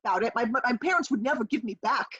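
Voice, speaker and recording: A woman improvising a comedy scene over a video call, brash and rambling with a deadpan edge. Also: a little high, racing, breathy edge. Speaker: improv performer. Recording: dull lo-fi video call audio.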